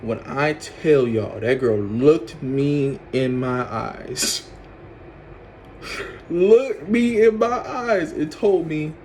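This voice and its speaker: Young man, casual storytime vlogger, lively, acts out his reactions. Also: very slow, slight background noise. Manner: animated storyteller, acts out his own reactions with loud high outbursts and laughs.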